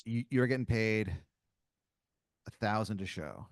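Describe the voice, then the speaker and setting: A man's voice: lowish voice, expressive, a little slow, dry recording, studio quality. A man hosting a comedy podcast who improvises a second-person story, rambling through many fillers. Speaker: podcast host telling an improvised scenario.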